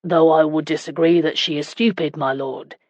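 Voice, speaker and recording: A woman voicing a loyal male vassal who speaks in a polite, measured way. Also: low-pitched, fairly even intonation, a little mellow, dry recording. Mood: respectful.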